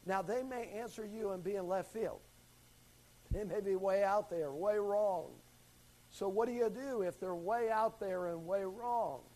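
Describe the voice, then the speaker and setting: A man's voice: sits high, a little slow, mellow, poor audio. A man teaching a Bible study class, calling on students and stressing key words as he explains a verse. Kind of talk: classroom Bible lesson with questions.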